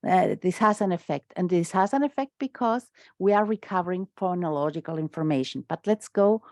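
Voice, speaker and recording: Halting woman lecturer, dry sound. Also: lowish voice, darkish tone, dry recording. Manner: halting, many restarts and fillers. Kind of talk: academic talk. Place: lecture room.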